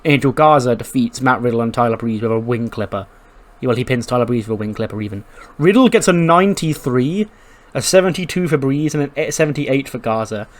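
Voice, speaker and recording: Brief: casual male game commentator, animated and profane, middle pitch. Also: brisk. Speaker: gaming commentator. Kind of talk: casual let's-play commentary.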